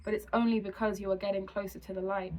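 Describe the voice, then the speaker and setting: A woman channeling a spiritual message to her viewers, speaking slowly and soothingly in repeated affirmations. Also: medium pitch, flat delivery, warm tone, a little hiss or hum, rough recording. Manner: slow, soothing, repetitive affirmations.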